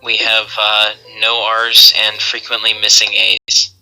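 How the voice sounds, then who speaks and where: A man's voice: fairly low pitch, monotone, slow pace, bright, forceful tone, soft background music, poor audio. A man from the Boston area chatting casually, with a dry, explanatory and teasing manner. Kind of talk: casual chat.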